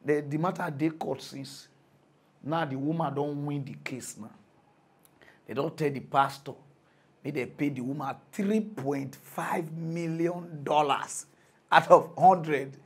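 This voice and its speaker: A young man with a high, bright-edged voice delivers a comic rant in Nigerian Pidgin. He swings from muttering to shouting and keeps laughing at his own points, like a mock news commentator on a roll. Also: slow, slightly rough. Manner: excitable, laughing, big swings in loudness.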